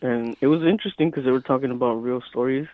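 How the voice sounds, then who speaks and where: A man's voice: medium pitch, fast, dry recording, narrow, tinny audio. A man guesting on a podcast, laid-back and laughing between remarks in casual chat. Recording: noisy recording.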